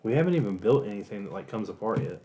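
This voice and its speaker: A man's voice: fairly low pitch, lively intonation, quick pace, mellow. A man chatting casually while building a model set, teasing his friend in a dry way. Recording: noisy background.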